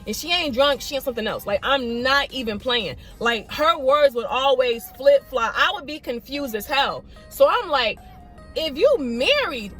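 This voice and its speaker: High-voiced woman telling a lively story. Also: moderate pace, soft background music. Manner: animated storytelling, mimics others in quotes. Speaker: vlogger. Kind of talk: storytime vlog.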